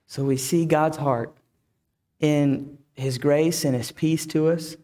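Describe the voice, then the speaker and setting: A man's voice: fairly high pitch, steady tone, slow, mellow. A man preaching a reflective sermon who asks the listeners many questions. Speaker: pastor.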